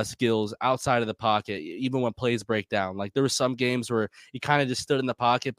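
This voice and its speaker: A man's voice: medium pitch, no echo. A man co-hosting a casual sports podcast, working through strengths and weaknesses in a methodical way. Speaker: co-host.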